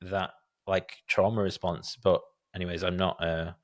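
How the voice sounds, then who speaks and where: A man hosts a relaxed podcast conversation in a somewhat low voice. he talks hesitantly, stammering and restarting often, and makes light of his own views. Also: normal speed.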